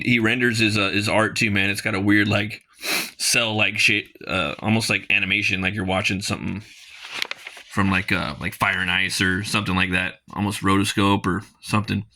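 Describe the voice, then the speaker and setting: A man's voice: on the low side, pushed and bright. A man casually reviewing a comic page by page, rambling with lots of fillers and reading dialogue aloud.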